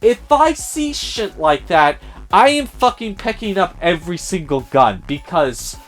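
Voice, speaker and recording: A man's voice: high-pitched, sing-song, unhurried, fairly bright tone, faint music behind. A man giving a casual spoiler review of a film, sarcastic and profane, often mimicking the characters in a raised voice.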